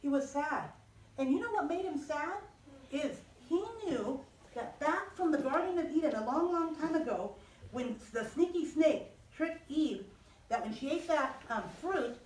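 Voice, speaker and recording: A high-voiced woman telling children a story, animated and expressive, asking them questions as she goes. She is heard from a distance in an echoey room with a faint hum behind her. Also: a little slow. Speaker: children's Bible teacher.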